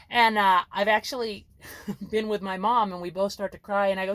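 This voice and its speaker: A woman's voice: mid-range voice, fairly even intonation, a little fast, fairly bright tone, no room sound. A woman vlogger telling a personal story in a candid, rambling, emotional way.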